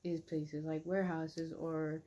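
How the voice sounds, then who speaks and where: A woman's voice: low-pitched, level tone, unhurried, mellow. A young woman vlogging casually while she eats, rambling in blunt, slangy talk with lots of fillers. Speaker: mukbang vlogger. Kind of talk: casual vlog chat while eating.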